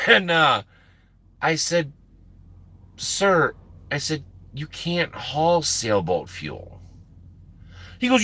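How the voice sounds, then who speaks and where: Animated, swearing American trucker streamer. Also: male voice, fairly high pitch, slow, pauses often, dry recording. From United States. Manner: animated, profane, laughing often. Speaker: live-stream host and truck driver. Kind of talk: casual storytelling on a live stream.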